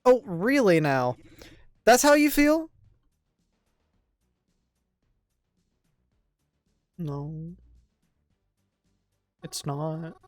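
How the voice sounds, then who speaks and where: A voice actor voicing a lonely, hurt young woman who narrates her day softly in a visual novel dub. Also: medium pitch, very animated, very slow, no room sound, soft background music. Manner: soft, quiet, subdued narration.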